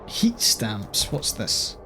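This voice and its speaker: Slow-talking Scottish man gaming. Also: fairly low pitch, wildly swooping pitch, gravelly, sharp tone, soft background music. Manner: thinking aloud, swears casually, reads on-screen text. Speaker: gaming channel host. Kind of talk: casual let's-play commentary.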